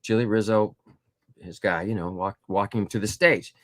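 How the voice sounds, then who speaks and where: A man's voice: lowish voice, moderate pace, no room sound, clean studio sound. A middle-aged man, an author being interviewed, telling stories casually with lots of ums and voiced quotes. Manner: animated anecdotes with voiced quotes and frequent fillers. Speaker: guest author.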